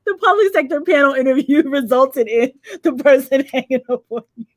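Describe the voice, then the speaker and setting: A woman's voice: high voice, a little fast, no room sound. A woman co-hosting a livestream, reading viewer comments aloud and laughing often in casual chat. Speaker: livestream co-host.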